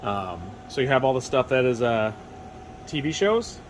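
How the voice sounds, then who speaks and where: Excited fast-talking man giving a store tour. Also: mid-range voice, noisy background. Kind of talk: casual walkthrough tour. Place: indoor toy store.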